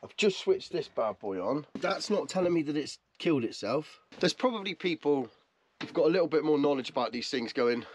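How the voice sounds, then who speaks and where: A man's voice: on the high side, lively intonation, brisk, a little hiss or hum. A man vlogging casually, chatty and self-mocking, from in and around a camper van. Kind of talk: casual vlog talk to camera.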